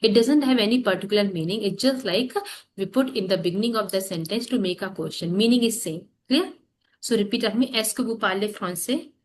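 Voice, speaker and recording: A woman leads a classroom lesson in a mid-pitched voice. She talks in halting bursts, repeating each key term and padding her pauses with "that is". A faint hum of room noise sits under her voice. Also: a little mellow. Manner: halting, repeats terms, fills gaps with "that is". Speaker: French teacher. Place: classroom with students.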